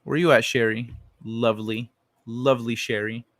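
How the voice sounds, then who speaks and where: A man's voice: medium pitch, steady tone, normal speed, a bit bright, no echo. Profane, rambling male livestream host. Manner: loose, profane, rambling with many restarts. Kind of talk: casual chat reading viewer messages.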